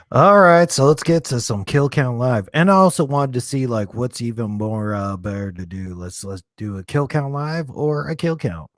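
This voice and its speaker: A man's voice: medium pitch, animated, moderate pace, dry recording. A young adult man casually chatting and rambling as he hosts a live stream, laughing often.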